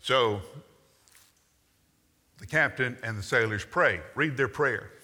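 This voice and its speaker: A man's voice: mid-range voice, slow, bright, forceful tone. A man preaching a sermon, telling the story with wry asides and acting out the quotes. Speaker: pastor. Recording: long reverb in a large hall.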